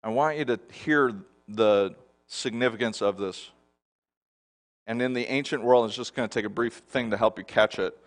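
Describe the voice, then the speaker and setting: A middle-aged pastor delivers a sermon at a moderate pace. He shifts between quiet, low-voiced stretches and loud, forceful statements, repeatedly posing questions to his congregation.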